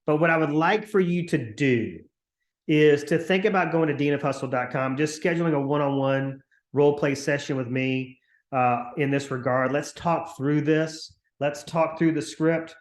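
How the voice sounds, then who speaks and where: A man coaching real estate agents on a video call, talking in an energetic, chatty way and acting out upbeat phone calls. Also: on the high side, moderate pace, roomy sound. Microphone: computer mic on a video call.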